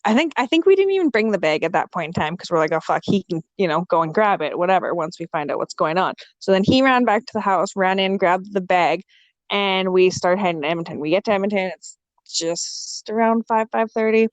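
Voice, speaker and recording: A woman's voice: medium pitch, a little fast, no room sound. Young woman, candid podcast guest, salty language, acts out the dialogue, dry close sound. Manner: swears freely and acts out quoted dialogue; lively, frank and joking. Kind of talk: casual storytelling chat.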